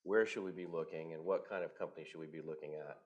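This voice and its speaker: Brief: very deep male voice, moderator fumbling through questions. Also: steady tone, muffled recording. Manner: halting questions with repeated restarts. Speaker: panel moderator. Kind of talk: conference panel discussion. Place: conference stage.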